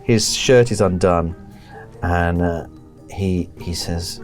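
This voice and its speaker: A man's voice: low-pitched, takes it slowly, faint music behind. A man narrating a tabletop horror game as keeper, hesitant and full of ums. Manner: hesitant, lots of ums and laughter.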